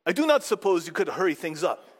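A man's voice: high voice, sing-song, quick pace. A man voicing an impatient Spanish swordsman with an attempted Spanish accent and courteous, formal phrasing, in a reverberant hall. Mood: impatient polite.

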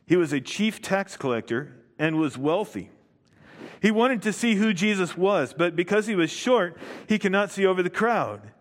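High-voiced preacher in a reverberant hall. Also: male voice, a bit bright. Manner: emphatic, drawing out key words. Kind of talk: sermon, reading scripture and explaining it.

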